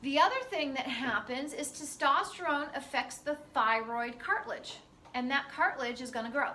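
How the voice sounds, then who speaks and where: Casting: female lecturer, high bright voice, chatty with fillers, recorded from far off in an echoey classroom. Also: moderate pace, slight background noise. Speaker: teacher.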